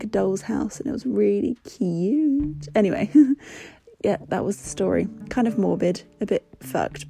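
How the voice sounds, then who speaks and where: A young woman hosting a podcast, telling a story in a candid, casual way, with swearing and an animated lift when she retells what was said. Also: medium pitch, vocal fry. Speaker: podcast host.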